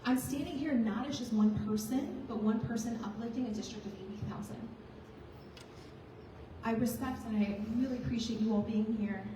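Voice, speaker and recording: A woman's voice: fairly high pitch, normal speed, noisy background. A woman candidate giving an earnest, rousing campaign speech to a crowd. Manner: earnest, rousing, builds to emphatic lines. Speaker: political candidate. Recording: echoey hall, voice from far off.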